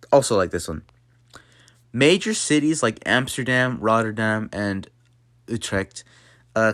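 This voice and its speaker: A man's voice: mid-range voice, a bit bright, no echo, clean studio sound. Playful man hosting a mock lesson. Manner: playful, talks to viewers as a class. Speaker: channel host teaching a mock language lesson. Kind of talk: jokey tutorial narration.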